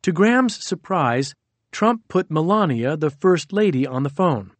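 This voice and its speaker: A man narrating a nonfiction audiobook in a measured, steady reading. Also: a little high, no echo.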